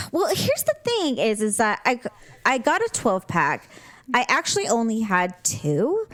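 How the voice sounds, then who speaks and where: Animated woman in her thirties co-hosting a chatty podcast. her voice sits a bit high and swoops all over as she tells stories and laughs a lot. the sound is dry and close, with no room to it. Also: unhurried, dry recording. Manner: animated storytelling, laughs often. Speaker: podcast co-host. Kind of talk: casual chat.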